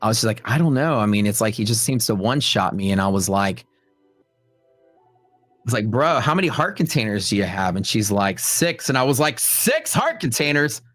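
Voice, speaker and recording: With a lowish, fairly quick voice, a young adult host banters with his trading stream's live chat over faint music, the room free of echo. His storytelling is jokey and lively, peppered with playful impressions of what others said.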